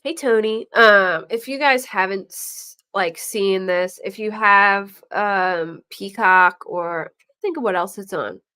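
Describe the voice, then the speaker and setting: Smooth and slow, with hardly any pauses, a middle-aged woman's mid-range voice carries a true crime podcast. She chats casually and brings her stories to life by performing the voices of the people involved.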